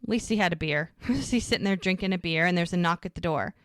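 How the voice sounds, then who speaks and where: Woman, podcast co-host, casual episode recap, lowish voice, dry close sound. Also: expressive, fast talker, dry recording. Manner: chatty, retelling scenes with lots of "like" and "she goes".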